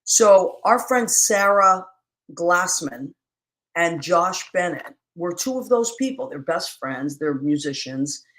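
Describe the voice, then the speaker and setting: A woman's voice: on the low side, animated, slow pace, a bit bright. Effusive woman hosting a live stream. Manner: effusive, greeting viewers by name with endearments; rambling, with many fillers and restarts. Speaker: host of a live-streamed talk show. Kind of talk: casual live-stream chat. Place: home, streaming live in New York.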